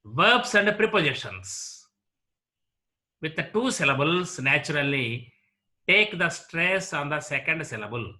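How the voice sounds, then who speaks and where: A man lecturing on English word stress at a very unhurried pace, with a slightly high voice. He spells things out carefully and repeats example words one after another, like a teacher drilling a class. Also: sing-song, sharp tone. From India.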